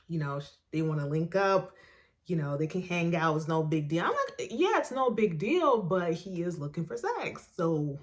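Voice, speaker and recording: Animated woman telling a personal story. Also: on the low side. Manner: animated, laughs often, acts out quoted dialogue. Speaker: podcast host.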